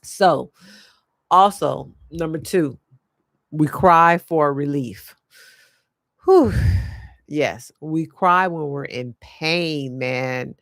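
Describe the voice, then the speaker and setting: A woman life coach speaks earnestly and slowly, halting and restarting as she searches for her words. Her voice carries a gravelly edge, and the sound is dry and close. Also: sits low, dry recording. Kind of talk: reflective spiritual monologue.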